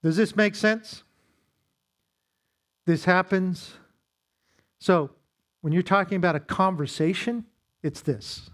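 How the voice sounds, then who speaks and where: A man's voice: high-pitched, slow, long pauses. A man leading a church marriage seminar, teaching in a conversational way with self-deprecating humor and acted-out quotes.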